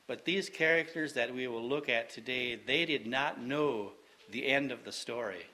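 A man preaching a sermon, slow and deliberate, repeating phrases for emphasis. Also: mid-range voice, pushed and bright.

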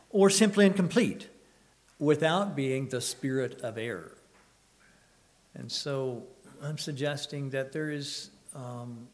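Man, preacher, sermon, halting delivery, frequent throat-clearing, measured scripture reading. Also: medium pitch. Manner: reads scripture in a raised, measured voice.

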